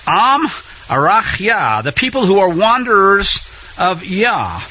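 A man hosting religious talk radio, his voice high-ish, husky and bright. He rambles eagerly, full of fillers and restarts. The sound is dull and lo-fi, like an old broadcast. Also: sing-song, takes it slowly. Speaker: radio host.

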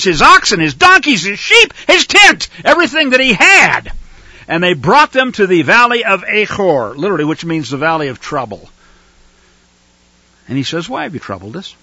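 Fiery high-voiced male preacher. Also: no echo, rough recording. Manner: fiery, rising to shouts. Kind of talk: sermon.

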